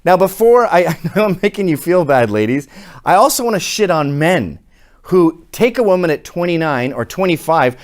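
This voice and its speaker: A middle-aged man giving a sarcastic, profane opinion monologue, swinging from quiet asides to shouting. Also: fairly high pitch, dry recording, clean studio sound. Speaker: commentator.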